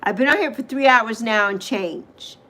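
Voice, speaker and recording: Bright and forceful, her voice sits on the high side and moves at normal speed. She's a middle-aged livestream host from the U.S. Virgin Islands, chatting animatedly in a casual stream and responding to viewer comments with emphatic exclamations.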